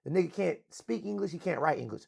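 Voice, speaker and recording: A man hosts a livestream talk show, launching into a loud, profane, boastful rant. His voice sits on the high side with lively intonation, and he talks fast with a creaky, slightly rough quality.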